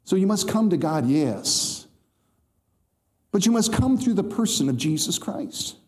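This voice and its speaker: A man's voice: high voice, big pitch swings, a little slow, darkish tone. A man preaching a sermon to a congregation, quoting scripture and speaking to the listeners directly with emphatic rhythm.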